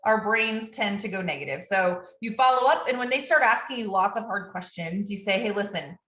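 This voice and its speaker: A woman coaching a business team in an energetic, upbeat way, often ending her points with quick tag questions. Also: medium pitch, echoey room.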